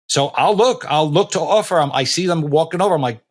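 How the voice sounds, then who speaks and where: A man in his late fifties hosting a podcast, telling stories in a rambling, animated way with many restarts and blunt, salty language. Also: fairly high pitch, a little fast, hardly any pauses. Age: late 50s. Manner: blunt, a bit profane. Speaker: podcast host. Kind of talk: casual interview chat.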